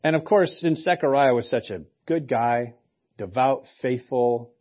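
A man's voice: medium pitch, a little slow. Pastor guy preaching, chatty and jokey, mid voice, kinda muffled audio. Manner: conversational, joking asides. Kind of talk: sermon.

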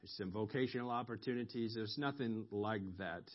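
A man preaching a sermon, explaining scripture slowly with pauses and ums, rising sharply when he quotes a cry for mercy. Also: lowish voice. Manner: slow, explanatory, with ums and emphatic rises on quoted cries. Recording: dull lo-fi recording.

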